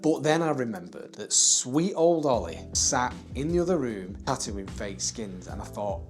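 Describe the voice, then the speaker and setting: A man, a tattoo studio owner, telling a story in a lively, conversational way with frequent laughs and tag questions. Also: mid-range voice, moderate pace, hardly any pauses, soft background music. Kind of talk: casual storytelling to camera.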